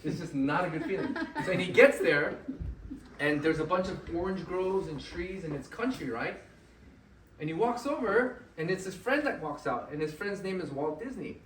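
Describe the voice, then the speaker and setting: A man telling a story live to an audience at an event, animated and often checking in with "right?". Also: high-pitched, moderate pace, a little hiss or hum. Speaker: motivational speaker at an event. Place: event venue. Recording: echoey room, mic at a distance, faint ambience.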